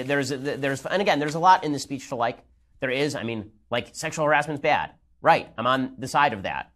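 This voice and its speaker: A man in his thirties giving political commentary in a rapid, emphatic and sardonic way. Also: mid-range voice, a bit bright.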